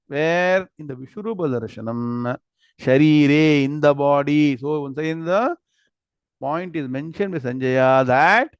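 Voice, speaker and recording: A man with an Indian English accent leads a scripture lesson at a very slow, deliberate pace, sounding out each word and checking that students follow. His voice sits a little high, and the recording is dry and close. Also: dry recording. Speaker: Gita and Vedanta teacher. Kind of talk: online scripture class.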